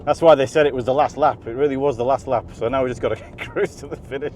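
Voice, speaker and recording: Guy chatting excitedly while driving a race car round a track, laughs a lot, engine noise loud behind him. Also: medium pitch, fast talker. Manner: enthusiastic, chatty, breaks into laughter. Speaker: automotive video presenter. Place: inside a car on a race circuit.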